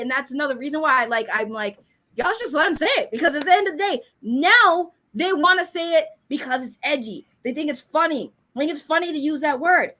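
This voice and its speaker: A woman talking candidly as a panelist on a discussion show, telling stories in an animated way. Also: high voice.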